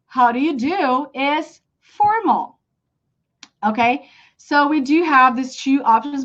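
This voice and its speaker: A woman's voice: high-pitched, a bit bright. A Brazilian woman with a Portuguese accent teaching a live online English lesson, chatty and full of fillers. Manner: chatty, explains with many fillers and apologies. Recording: dull lo-fi stream audio.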